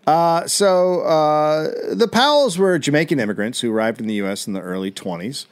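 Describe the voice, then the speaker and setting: A man's voice: a little high, expressive, normal speed, smooth. A middle-aged man co-hosting a comedy podcast, telling a history story in a wry, hesitant way with many fillers.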